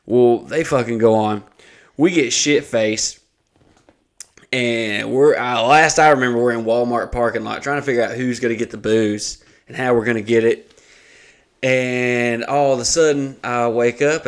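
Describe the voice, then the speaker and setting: A man's voice: mid-range voice, steady tone, normal speed. A young adult man hosting a podcast, casually telling a rambling, profane story full of fillers. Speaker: podcast host.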